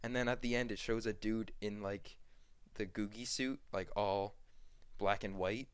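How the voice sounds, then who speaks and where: A young man co-hosting a casual podcast, rambling through an animated retelling full of fillers and acted-out quotes. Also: fairly low pitch, a little slow, clear, resonant tone, no room sound. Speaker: podcast co-host. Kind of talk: casual chat.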